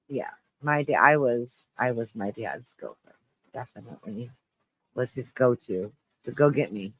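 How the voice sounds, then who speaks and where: A man hosting a live stream, chatting with viewers in a low, shaky-voiced mood, halting and restarting as he rambles. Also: pushed and bright, no echo, rough recording. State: shaky voice, close to tears. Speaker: livestream host.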